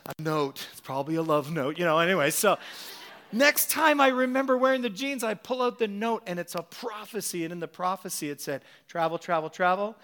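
High-voiced preacher telling his story. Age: middle-aged. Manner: animated, acts out quotes in his story. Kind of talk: sermon storytelling.

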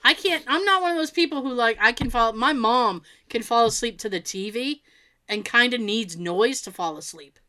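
A woman's voice: fairly high pitch, moderate pace, a little hiss or hum. A middle-aged woman co-hosting a casual chat, telling stories and acting out quotes with a laugh. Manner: animated storyteller, acts out quotes, laughs often. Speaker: podcast co-host.

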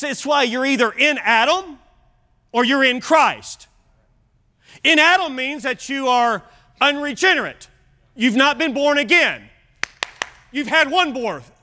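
High, bright-voiced male preacher. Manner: emphatic preaching with repeated phrases. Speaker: pastor. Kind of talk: sermon. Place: church service.

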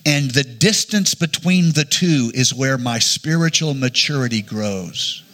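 A man's voice: medium pitch, animated, unhurried, fairly bright tone. A middle-aged male pastor preaching a sermon in an earnest way, often restarting his phrases.

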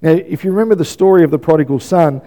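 A man's voice: a little high, fast, warm tone. A male pastor preaching a sermon in a conversational way, often checking in with "yeah?" and repeating phrases for emphasis.

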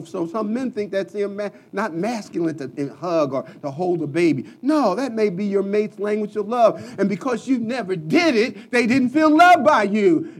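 A man preaches in a high voice with passion. He repeats phrases and swings from quiet asides to sudden loud bursts. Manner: impassioned preaching with repetitions and sudden loud peaks. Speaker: pastor. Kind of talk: sermon.

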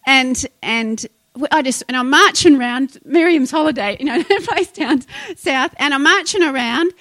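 Middle-aged woman preacher, high voice, dry close sound, feisty emphatic delivery with loud declarations and quiet asides. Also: animated, moderate pace, no room sound. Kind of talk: sermon.

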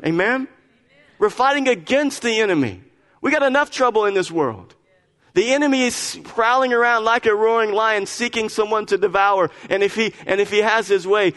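Emphatic pastor preaching in an echoing hall. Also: male voice, on the high side, a bit bright. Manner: emphatic, repeats phrases, stammers on restarts. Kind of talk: sermon. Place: church sanctuary.

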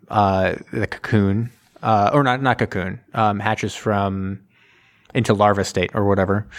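A man in casual conversation, recapping a film in a loose, rambling way with lots of fillers and self-corrections. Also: on the low side. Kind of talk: casual chat.

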